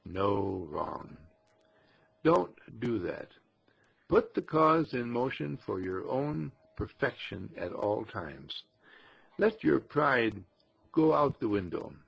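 A man's voice: mid-range voice, very animated, slow, vocal fry, breathy edge, lo-fi sound. A man giving an inspirational spiritual talk, acting out little quoted scenes as he teaches.

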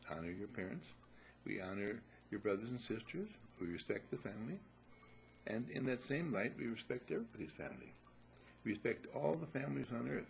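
A low, gravelly man giving a teaching talk to a group. He voices little scenes of parents and children and clears his throat now and then. His pitch moves a lot. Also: a little hiss or hum, rough recording. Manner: acts out dialogues, clears throat often.

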